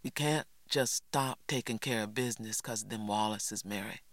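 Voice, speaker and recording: A man reading an audiobook, voicing a steady rural father who speaks quietly and firmly. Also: on the low side, moderate pace, no echo, pitched below the performer's own voice. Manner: calm, quiet and firm.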